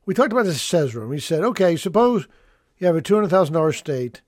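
Middle-aged lawyer guy hosting his show, fairly high voice, folksy and emphatic, dry close sound. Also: very animated, fast talker, no echo. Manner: emphatic, folksy, repeats key points. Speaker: estate planning attorney and show host. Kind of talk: educational radio-style talk.

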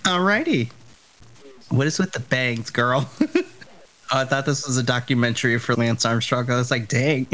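A man co-hosting a casual wrestling podcast, playful and animated, laughing often. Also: medium pitch, normal speed, long pauses. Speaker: podcast co-host. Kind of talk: casual live-react chat.

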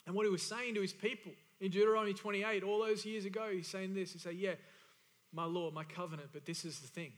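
Male pastor, high ringing voice, emphatic, repetitive sermon delivery, reverberant church hall. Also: steady tone, fairly quick, a bit bright. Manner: emphatic, repeats key phrases for stress.

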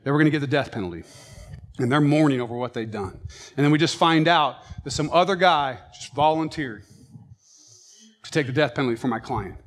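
A man preaching a sermon with passion, swinging between loud, emphatic lines and quiet, low ones. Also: a little fast.

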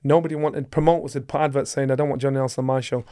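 A man's voice: medium pitch, little pitch movement, very fast, mellow, clear, resonant tone. A middle-aged man, a guest in an interview, who tells a long story with energy and acts out the voices of the people in it. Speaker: guest, former boxing world champion.

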